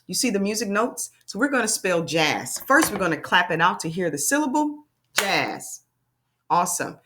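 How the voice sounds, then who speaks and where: A woman teaching a phonics lesson to young children, sounding out letters slowly and asking encouraging questions. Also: medium pitch, big pitch swings, noisy background.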